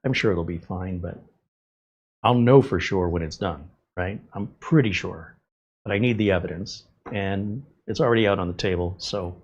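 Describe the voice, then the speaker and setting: Blunt sarcastic man with a husky voice. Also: sits low, normal speed, dull audio. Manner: blunt, sarcastic, lively asides. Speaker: tech show host. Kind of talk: live-stream chat answering viewers.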